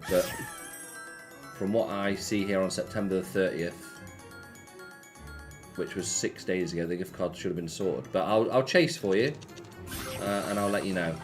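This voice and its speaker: A man hosting a casual live stream, chatting offhandedly and answering viewer messages. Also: fairly low pitch. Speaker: slots streamer.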